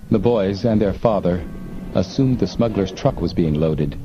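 A man reading an adventure novel aloud in measured, suspenseful narration. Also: low voice. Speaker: audiobook narrator. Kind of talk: scripted narration. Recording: muffled lo-fi with faint hiss.

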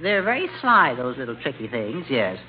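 A man voicing a cheeky boy dummy who teases with quick comebacks. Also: medium pitch, big pitch swings, muffled recording, pitched below the performer's own voice, lightly acted. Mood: teasing. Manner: sly, teasing, quick comebacks. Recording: hissy old radio broadcast.

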